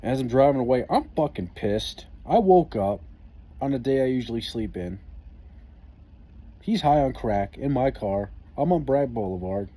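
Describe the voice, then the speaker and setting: A man's voice: mid-range voice, lively intonation, moderate pace, mellow. A man telling a story in a casual vlog, profane, wry and laid-back, as an army veteran.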